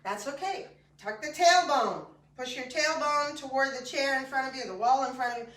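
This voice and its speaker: A woman's voice: high-pitched, normal speed, fairly bright tone. A woman guiding an exercise class, giving step-by-step cues and joking between them. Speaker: fitness instructor. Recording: echoey room, mic far off.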